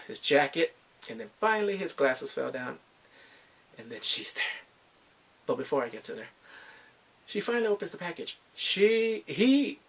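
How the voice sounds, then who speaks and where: A man with a gravelly, husky voice recaps a film in a loose, animated way, slipping into little character voices as he goes. He sits a bit back from the mic, so he sounds slightly distant. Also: fairly high pitch. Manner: animated retelling, quoting characters in put-on voices. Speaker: movie reviewer. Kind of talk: casual spoken movie review.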